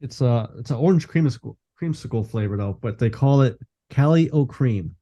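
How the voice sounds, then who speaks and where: Laid-back male co-host, dark mellow voice, muffled lo-fi sound. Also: mid-range voice, expressive, normal speed. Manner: laid-back, brief replies, chuckling. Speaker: podcast co-host. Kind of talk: casual sports talk.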